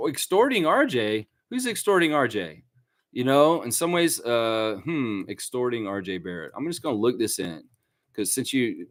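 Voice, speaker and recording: Animated man hosting a fan livestream. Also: on the low side, no room sound. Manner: animated, rambling, talks to chat. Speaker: fan channel host. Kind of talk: casual livestream commentary.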